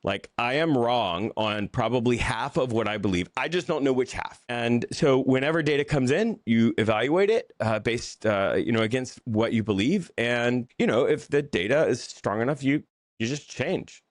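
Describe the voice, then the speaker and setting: A man's voice: mid-range voice, no echo, studio quality. A man who is a pastor and author, talking through his story in a casual interview, candid and self-deprecating, often restarting his sentences. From Southern United States. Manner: halting, restarts and repeated words.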